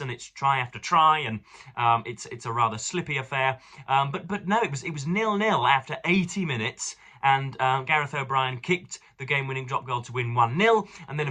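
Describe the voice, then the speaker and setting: A young Englishman rambles through a casual book vlog as a reviewer, wandering off on tangents and favoring elaborate vocabulary. His mid-range voice is bright and forceful.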